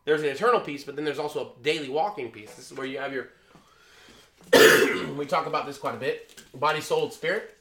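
A man preaching a sermon with a bright, forceful tone. He leans hard on his words, pushing some lines loud and dropping others to a near hush. The room around him rings with echo. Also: a little high, fairly quick, a little hiss or hum. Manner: emphatic, swings between loud and quiet.

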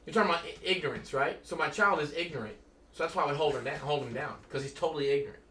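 A man, a Christian teacher, telling stories in a casual, animated way and acting out the voices of the people in them. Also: on the high side, very fast, roomy sound, recorded from a distance. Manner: animated, acts out quoted voices. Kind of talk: casual storytelling talk.

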